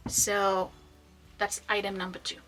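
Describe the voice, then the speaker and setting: A woman running an online vintage shop, chatting casually and enthusiastically as she shows items, sometimes dropping to soft asides. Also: medium pitch, monotone, unhurried. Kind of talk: casual product showcase.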